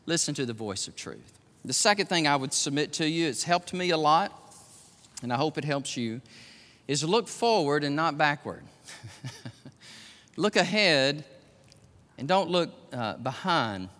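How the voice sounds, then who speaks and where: A man's voice: on the high side, a little slow, long pauses, long reverb tail. A man in his fifties, a pastor preaching a sermon, telling stories with acted-out voices and frequent laughter. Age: 50s. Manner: animated storytelling, acts out voices, laughs often.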